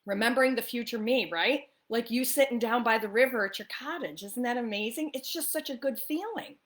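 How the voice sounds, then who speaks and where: An upbeat woman talks straight to camera in a relaxed coffee-talk chat. She coaches listeners in a friendly, chatty way, often checks in with a quick "right?" and slips into easy laughter. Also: on the high side. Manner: laughs often while talking. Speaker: spiritual life coach. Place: the East Coast of the US.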